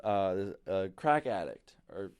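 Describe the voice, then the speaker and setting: A man's voice: deep voice, sing-song, a little slow, darkish tone, clear, resonant tone, no room sound, clean studio sound. A young man hosting a casual solo podcast, ranting sarcastically and swearing freely. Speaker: podcast host.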